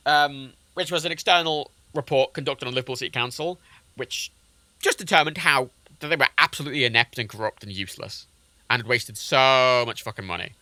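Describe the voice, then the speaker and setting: A man's voice: mid-range voice, fairly quick, bright, forceful tone, dry recording. A man livestreaming a flight game, ranting sarcastically about local politics with lots of swearing. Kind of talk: casual gaming-stream rant.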